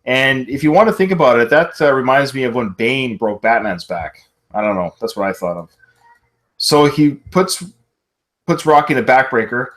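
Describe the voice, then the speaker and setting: A man's voice: medium pitch, expressive, moderate pace, a bit bright. A man hosting a live podcast from home, casually recapping film scenes play by play. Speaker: podcast host.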